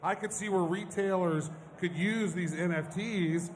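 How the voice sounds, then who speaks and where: A man co-hosting a live podcast panel, telling stories in an animated, jokey way. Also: high voice, measured pace, slight background noise. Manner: animated storytelling, jokey asides. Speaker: podcast co-host. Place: conference stage before an audience. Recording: live hall with long reverb and faint ambience.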